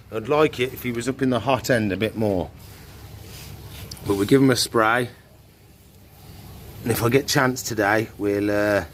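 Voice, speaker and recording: A man, a reptile keeper chatting casually through animal checks and coaxing the animals in a soft voice. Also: mid-range voice, slight background noise. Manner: chatty, talks softly to the animals. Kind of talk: casual animal care vlog.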